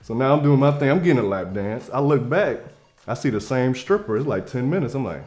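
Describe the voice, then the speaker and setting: A man's voice: medium pitch, expressive, fast talker, a little mellow, faint music behind. A young man telling a comedic story in a casual way, acting out the quoted lines in different voices.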